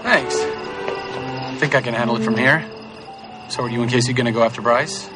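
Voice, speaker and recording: A man's voice: medium pitch, over loud music, lightly acted. A young actor playing a nervous male nerd caught in spy trouble, talking in a rambling, panicky way. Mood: earnest. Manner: panicky, rambling, quick jokes.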